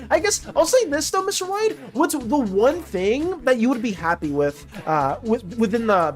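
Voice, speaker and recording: A streamer chatting casually with viewers while drawing, reading chat aloud and rambling with many restarts and fillers. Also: mid-range voice. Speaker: streamer and artist. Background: faint background music.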